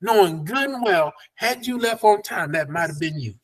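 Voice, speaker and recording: A man's voice: high-pitched, expressive, normal speed, a bit bright. A man, a pastor teaching a Bible study over a video call in a folksy, preacherly way. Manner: preacherly, folksy, laughs between points.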